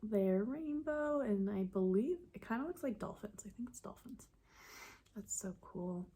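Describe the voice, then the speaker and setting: A sniffly woman knitting vlogger chatting excitedly as she unboxes a gift, sometimes dropping to a whisper. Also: fairly high pitch, moderate pace, husky. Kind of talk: casual unboxing chat.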